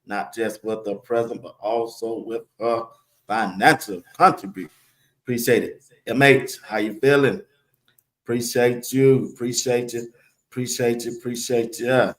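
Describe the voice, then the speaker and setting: Dude hosting a live sports stream, medium voice, loose chatty shout-outs, laughs a lot. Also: male voice, mid-range voice, steady tone. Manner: rapid-fire chat shout-outs, laughs often. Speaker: live show host. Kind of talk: casual live-stream chat.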